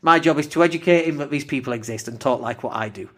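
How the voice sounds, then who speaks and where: A man's voice: medium pitch, quick pace, a bit bright. A man with a northern English accent and a slight lisp, hosting a casual solo podcast, blunt and swearing freely. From northern England. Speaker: podcast host.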